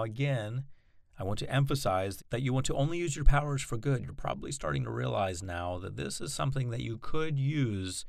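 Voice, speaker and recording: A man teaching a recorded self-help course, explaining techniques in a measured way and stressing key words. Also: medium pitch, creaky, dry recording, clean studio sound. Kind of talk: recorded audio lesson.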